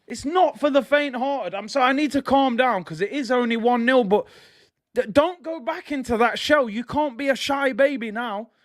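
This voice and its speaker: A young man hosting a live football watch-along, reacting emotionally and often breaking into frustrated shouting. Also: very high voice, moderate pace, no echo, studio quality. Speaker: fan stream host.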